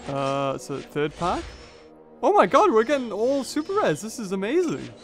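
Excitable high-pitched gamer. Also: male voice, moderate pace, faint music behind. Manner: excitable, talks through each move, exclaims. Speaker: gaming channel host. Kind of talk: let's play commentary.

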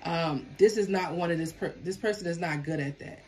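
A woman's voice: on the low side, brisk, soft background music. A woman giving a casual tarot reading, talking emphatically to viewers. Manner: animated, emphatic, talks back to the cards. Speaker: tarot reader.

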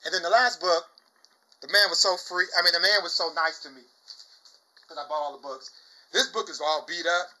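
A young man chatting casually about his comic book finds, exuberant, saying "y'all" often and bursting into loud shouts and laughs. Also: fairly high pitch, steady tone, brisk, long pauses, rough recording. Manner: exuberant, says "y'all" a lot. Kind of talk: casual chat.

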